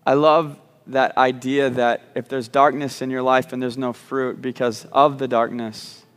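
A man's voice: medium pitch, level tone, unhurried, clear, resonant tone, big-room sound. A man preaching a sermon, repeating words as he starts sentences and slipping in joking asides. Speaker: pastor. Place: church sanctuary.

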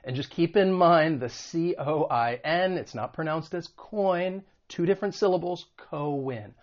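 A man from the United States teaching an online English vocabulary lesson, stressing example words slowly and carefully. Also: on the high side, dull audio.

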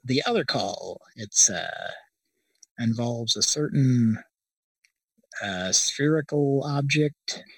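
A man hosting a comedy show who rambles and stalls, calling the listeners folks. His voice is mid-pitched. The sound is dry and set a little back from the mic. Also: expressive, slow pace, pauses often, slightly rough, dry recording, distant mic. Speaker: show host.

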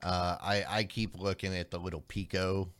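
A man co-hosting a tech podcast in casual chat, explaining the background of a news item with frequent pauses and restarts. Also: low voice, level tone, a bit bright. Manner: explanatory, hesitant, many ums and restarts. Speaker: podcast co-host.

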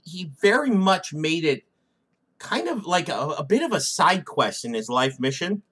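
A man's voice: fairly high pitch, husky. A man co-hosting a comedy podcast, joking and swearing freely in casual chat. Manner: profane, excitable, jokey. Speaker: podcast co-host.

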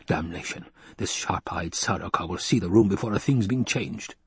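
A man reading an audiobook and voicing a scheming, gluttonous baron, speaking slowly and coldly. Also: breathy edge, no room sound. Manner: slow, low, cold and calculating. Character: scheming, gluttonous male baron, cold and wary.

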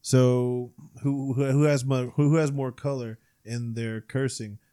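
Young man, host, casual chat, crude, mid-pitched, trailing off. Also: little pitch movement, a little slow, clear, resonant tone. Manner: crude, questioning, trails off quietly.

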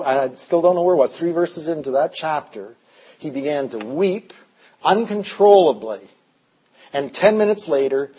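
Husky high-voiced male preacher telling stories. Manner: animated, voice swinging between loud and hushed. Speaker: revival preacher. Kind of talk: storytelling sermon.

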